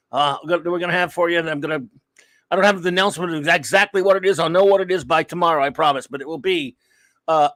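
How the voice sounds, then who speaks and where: A man hosting a live comics talk show, chatting casually and rambling through friendly shout-outs to viewers in the chat. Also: a little high, no room sound. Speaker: podcast host.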